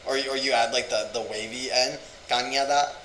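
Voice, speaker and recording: A man's voice: medium pitch, fairly even intonation, moderate pace, sharp tone. A man chatting casually in a language-learning vlog, rambling and amused with himself as he sounds out words aloud. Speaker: vlogger. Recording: echoey room with faint ambient hum.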